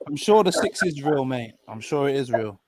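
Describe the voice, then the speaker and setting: Brief: easygoing male co-host, mid-pitched, short wisecracks. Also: animated, moderate pace, a little mellow. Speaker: stream co-host. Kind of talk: casual reaction commentary.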